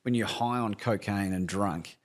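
A middle-aged man, a coach speaking candidly as a guest, animated and laughing often. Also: on the low side, moderate pace. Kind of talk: candid conversational storytelling.

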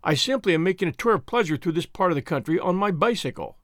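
A man's voice: high-pitched, animated, quick pace, dry recording, studio quality. A man voicing a polite, earnest young man speaking formally to officers. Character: polite, quick-witted young male cyclist.

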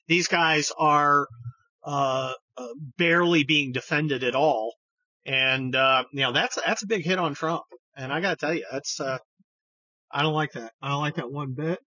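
A man's voice: on the high side, bright, forceful tone, no room sound, highs cut off. A man hosting a podcast, delivering a blunt, profane political monologue that rambles with many restarts. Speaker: podcast host.

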